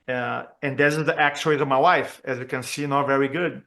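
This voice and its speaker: A man's voice: mid-range voice, moderate pace, vocal fry. Earnest man telling a story. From Brazil. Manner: earnest and expressive, acts out quoted dialogue, with frequent fillers and restarts. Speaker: communication trainer speaking to chiropractors. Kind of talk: personal storytelling in a training talk.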